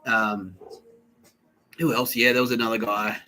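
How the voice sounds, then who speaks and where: A man's voice: on the low side, little pitch movement, unhurried, bright, forceful tone, poor audio. A man hosting a podcast, telling a rambling personal story full of swearing, fillers and nervous laughs. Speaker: podcast host.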